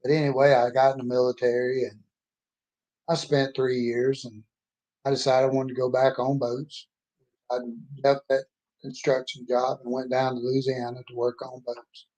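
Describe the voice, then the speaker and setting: A man's voice: mid-range voice, little pitch movement, normal speed, a little mellow. A man in his sixties telling his life story in a folksy, rambling, plainspoken way. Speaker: storyteller introducing himself. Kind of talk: casual personal storytelling.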